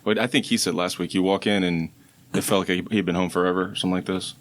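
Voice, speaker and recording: A man from Texas hosting a podcast, talking in a relaxed, easygoing way. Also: sits low, quick pace. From Beaumont, Texas. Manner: relaxed, easygoing, filler-heavy. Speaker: podcast host. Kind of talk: casual podcast chat.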